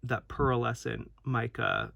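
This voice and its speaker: A man's voice: medium pitch, huge pitch swings, takes it slowly, creaky, bright, forceful tone, no room sound, studio quality. A man rambling casually through a toy unboxing review at home, chatty and full of restarts and asides. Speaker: toy collector vlogger.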